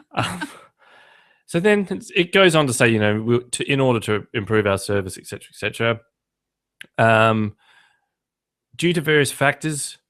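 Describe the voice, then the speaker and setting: Male podcast host, casual and jokey, mid-pitched voice, rambling anecdotes. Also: fairly bright tone.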